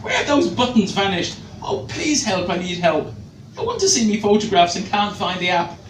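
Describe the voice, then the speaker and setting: A man's voice: high-pitched, sing-song, moderate pace, voice pushed up. A man voicing a flustered elderly woman who cannot work her phone, pleading and fussy. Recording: echoey room, far mic, noisy.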